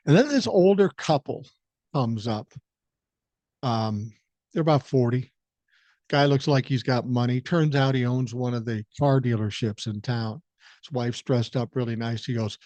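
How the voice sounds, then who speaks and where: A man's voice: medium pitch, darkish tone, no room sound. An older man with a Minnesotan accent hosting a solo podcast, telling a profane story and acting out the quotes. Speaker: podcast host. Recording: dry, slightly dull podcast mic.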